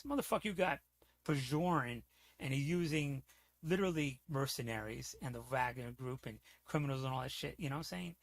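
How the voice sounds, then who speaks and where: A man holds forth on his livestream, his voice gravelly at the edges and the sound dry and close. He rants in a heated, profane, rambling way. He keeps checking in with the listener as he goes. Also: medium pitch, fairly quick, no echo. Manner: heated, profane, rambling, repeats "you know what I'm saying". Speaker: streamer. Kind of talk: casual livestream rant.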